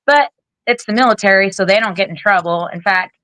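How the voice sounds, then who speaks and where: A woman in her forties, a military veteran being interviewed, telling her story in a candid, blunt, animated way, with casual swearing and lively acted-out quotes. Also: mid-range voice, a little fast, dry recording, low-quality recording. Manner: animated, acts out other people's lines. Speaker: guest, Air Force veteran.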